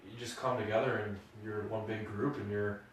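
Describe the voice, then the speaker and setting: A man chatting casually on a podcast, an animated storyteller who throws himself into each quote. He sounds set back from the mic. The room around him is very echoey. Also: on the low side, fairly quick, slight background noise. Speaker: podcast co-host. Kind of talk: casual chat. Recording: roomy echo, mic at a distance.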